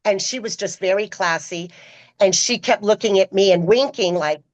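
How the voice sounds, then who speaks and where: A middle-aged woman, a podcast guest, telling stories in a casual, animated way and acting out the people she quotes. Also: normal speed, poor audio. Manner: animated, acts out quoted voices with pitch jumps. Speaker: podcast guest, former personal assistant. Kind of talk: casual storytelling.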